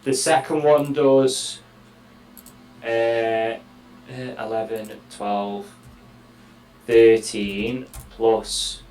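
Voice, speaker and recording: A man playing a tabletop game, counting out dice rolls slowly and deliberately, swearing now and then. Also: on the low side, level tone, darkish tone, echoey room, rough recording. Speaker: player.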